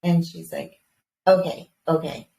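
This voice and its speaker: A woman in her thirties co-hosting a casual podcast, telling a lively story about her young kids, swearing casually and acting out their voices. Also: sits low, measured pace, vocal fry. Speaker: podcast co-host. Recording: roomy, distant mic with faint background hiss.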